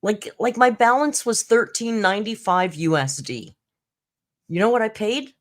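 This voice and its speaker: A woman of medium pitch and lively intonation, speaking at normal speed, hosts a relaxed YouTube commentary live stream. She chats through her stories, laughs frequently, and acts out what others said.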